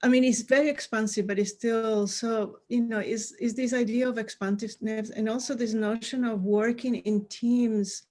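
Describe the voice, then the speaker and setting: A woman's voice: a little high, fairly even intonation, moderate pace, hardly any pauses, darkish tone. A woman asking a panel a question, thoughtful and hesitant, winding through long sentences. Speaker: audience member asking a question.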